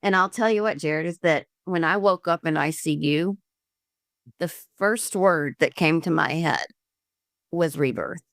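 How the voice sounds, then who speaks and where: A woman from Georgia telling her story as a podcast guest, earnest and halting with many restarts. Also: low-pitched, a bit bright, no echo, studio quality. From Columbus, Georgia, US. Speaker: podcast guest, liver transplant recipient. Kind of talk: candid conversational storytelling.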